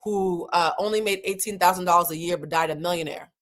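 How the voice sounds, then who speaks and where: A woman's voice: fairly low pitch, fast talker. Woman, host, casual commentary, frank, slangy, chatty. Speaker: host of a reality TV recap show.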